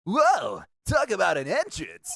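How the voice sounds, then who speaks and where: High, lively cartoon-hero voice for a jumpy young assistant. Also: male voice, unhurried, gravelly, slight background noise, exaggerated voice. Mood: excited. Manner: bright, excitable cartoonish tone. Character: eager, jittery young male assistant.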